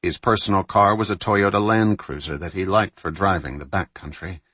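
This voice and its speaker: Male audiobook narrator, very low voice, husky, measured storytelling. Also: steady tone, pushed and bright, no echo. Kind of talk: scripted narration.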